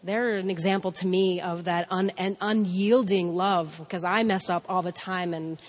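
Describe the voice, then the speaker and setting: A woman's voice: on the low side, fairly even intonation, normal speed. A woman in her thirties talking casually about faith and parenting, rambling and self-deprecating, laughing often. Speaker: mother and speaker on parenting.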